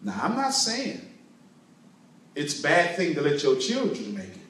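A man's voice: fairly high pitch, huge pitch swings, unhurried, a bit bright. Emphatic preaching man in an echoey room. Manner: emphatic preaching with call-and-response. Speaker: motivational speaker. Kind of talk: motivational sermon with storytelling. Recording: very echoey room, distant mic.

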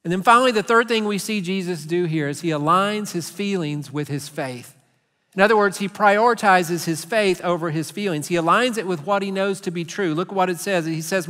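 A middle-aged Texan man preaching from the pulpit in an earnest, conversational way. His voice sits high and sounds bright and forceful. A long reverb from the large sanctuary trails behind each phrase. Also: a little fast. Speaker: pastor. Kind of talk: sermon.

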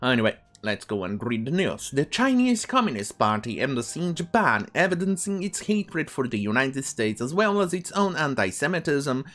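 A man hosting a ranting commentary show, reading news aloud and breaking off into profane, scornful asides. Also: on the high side. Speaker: commentary channel host.

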